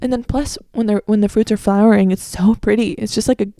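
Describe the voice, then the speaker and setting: A woman's voice: mid-range voice, fairly even intonation, fast talker, dark tone, no echo, clean studio sound. A young woman in her late teens with an American accent, hosting a casual solo podcast chat, rambling with lots of "like"s and fixing herself as she goes, strongly opinionated. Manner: chatty and rambling, with many "like"s and self-corrections. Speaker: podcast host.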